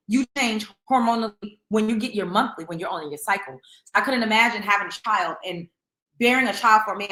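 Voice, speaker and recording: Here a middle-aged woman with a medium-pitched, slightly bright voice hosts an informal celebrity gossip show. She's opinionated and forceful, hammering her points home through repetition, and the room around her echoes.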